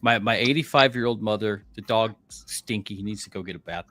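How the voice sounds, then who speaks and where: A man's voice: lowish voice, a little fast, a bit bright, no echo. A middle-aged man, a podcast co-host, telling a story as a heated, profane rant and acting out quotes.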